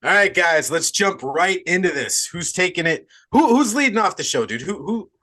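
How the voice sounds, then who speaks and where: A man's voice: high voice, sing-song, normal speed, bright, forceful tone, no echo. A man hosting a horror movie podcast in loose, casual chat, swearing freely and joking around. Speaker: podcast host.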